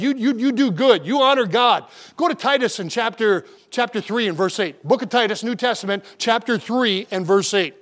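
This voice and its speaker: A middle-aged male pastor preaching in a strikingly high voice. He is fervent and full of restarts and repeated words, and he slows into a measured cadence when he reads scripture. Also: animated, a bit bright. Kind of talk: sermon.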